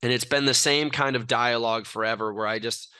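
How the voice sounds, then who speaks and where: A young man from California talks with brash self-assurance, spinning stories in a casual interview. His voice is bright, crisp and dry. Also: mid-range voice, steady tone, fairly quick, dry recording. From California, USA. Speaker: athlete guest.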